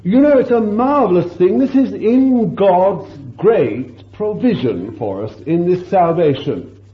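Fervent high-voiced man preaching, echoey recording. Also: animated, unhurried. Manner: fervent, with exclamations of praise and rhetorical questions. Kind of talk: sermon. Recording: echoey dull lo-fi sermon recording.

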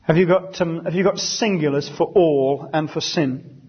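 A man leading a Bible study, reading verses slowly and deliberately and then explaining them conversationally. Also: a little high, husky, muffled recording.

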